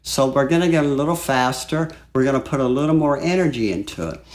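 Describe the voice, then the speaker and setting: A man teaching flute in a relaxed, chatty way, walking through a piece and singing phrases aloud. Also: medium pitch, fast. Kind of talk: music lesson. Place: home studio.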